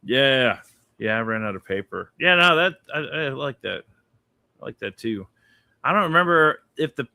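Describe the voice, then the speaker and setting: Showing off his drawings on a stream, this man speaks with a medium-pitched voice that's bright and forceful, with some vocal fry. He's relaxed and profane while explaining his work, recorded dry in a studio backed by his art panels.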